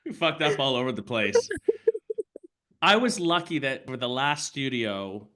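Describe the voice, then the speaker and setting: A man's voice: mid-range voice, very animated, measured pace, sharp tone. A man co-hosting a casual podcast, a yoga studio owner who talks frankly and reflectively and swears.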